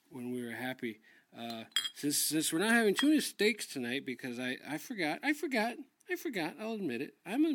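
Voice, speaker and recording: A man hosting a comic cooking show in a mid-pitched voice, rambling and tripping over his words. He swears freely and turns drunkenly quarrelsome. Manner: rambling, stammering, drunkenly argumentative; heavy swearing. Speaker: comedy cooking show host. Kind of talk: comedy sketch monologue.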